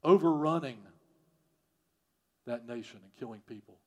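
A man preaching a sermon, repeating phrases and swinging from loud emphasis to quiet, prayerful lines. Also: medium pitch, moderate pace. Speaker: pastor.

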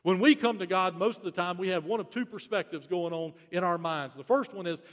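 A man's voice: high-pitched, a little fast. A pastor preaching a sermon in an earnest, emphatic way, repeating his key phrases. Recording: reverberant hall.

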